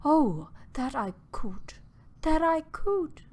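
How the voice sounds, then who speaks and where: Woman reading troubled young lady, earnest, emotional, high, slow. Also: very animated, a little mellow, full character voice. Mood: anguished. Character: proud, troubled young woman refusing a proposal.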